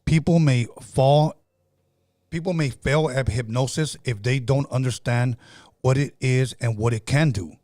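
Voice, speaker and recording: A man's voice: mid-range voice, a little slow, dark tone, dry recording, clean studio sound. A man hosting a casual podcast, telling a story in a rambling way with many restarts. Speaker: podcast host.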